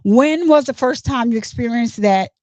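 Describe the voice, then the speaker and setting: A woman reading the questions of a courtroom attorney in a measured, formal manner. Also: on the high side, darkish tone, no room sound, natural voice. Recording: dull lo-fi, dry.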